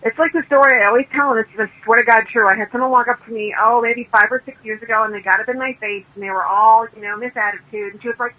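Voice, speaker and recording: A woman's voice: on the high side, steady tone, quick pace, hardly any pauses, narrow, tinny audio. A woman author being interviewed, telling stories in a chatty, emphatic way and acting out the people she quotes. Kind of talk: casual interview storytelling.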